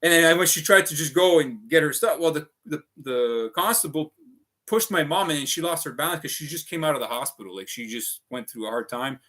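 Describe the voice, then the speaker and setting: A man's voice: fairly high pitch, lively intonation, fairly quick, pushed and bright. A man rambling through a casual livestream, swearing often and piling up fillers as he talks. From Canada. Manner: profane, restless, full of fillers.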